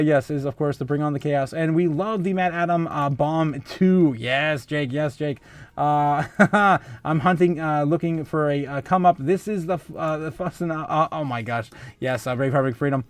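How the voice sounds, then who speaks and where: Slightly high and a bit bright, this man's voice carries a casual crypto livestream where he reads viewers' comments. Laughter, false starts and filler sounds come up often.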